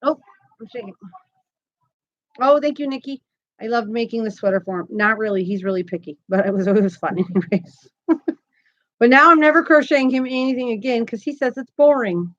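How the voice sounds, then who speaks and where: A woman's voice: a little high, expressive, a little fast, a bit bright, lo-fi sound. A woman in her thirties hosting a live crochet stream from home, chatty and giggly as she reads viewer comments aloud. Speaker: crochet channel host. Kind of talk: casual live-stream chat.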